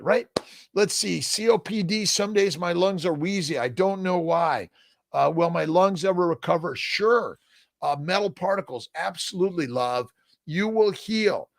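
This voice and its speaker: An older man with a fairly high, gravelly voice, answering viewer comments on a casual live stream. He talks in an upbeat, encouraging, folksy way, often asking "right?". The sound is close and dry. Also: no room sound. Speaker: host answering viewer questions.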